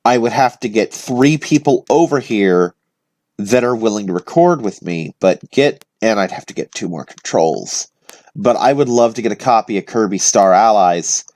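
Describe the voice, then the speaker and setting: A man's voice: fairly low pitch, a little mellow. A young man hosting his own weekly vlog, chatting in a loose, rambling way with lots of fillers and restarts. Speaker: vlog host. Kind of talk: casual rambling chat.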